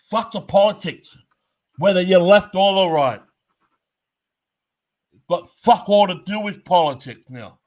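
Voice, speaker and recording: Male commentator, fairly high voice, blunt profane ranting delivery. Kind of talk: heated commentary rant.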